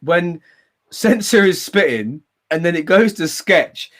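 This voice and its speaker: A man from England hosting a casual chat, telling anecdotes with excitement and laughing often. His voice sits slightly high for a man, and he shifts from rushed to drawn-out delivery.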